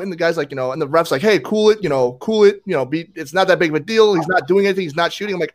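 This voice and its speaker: Fast-talking man telling a paintball story. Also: fairly high pitch. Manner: animated, acts out quotes. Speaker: paintball player. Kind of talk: casual storytelling chat.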